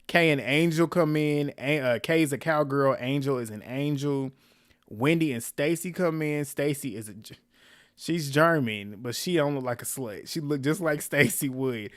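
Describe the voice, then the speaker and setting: A man recapping a reality TV episode in a casual, animated, gossipy way, often laughing as he tells it. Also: a little high, moderate pace, no echo, studio quality.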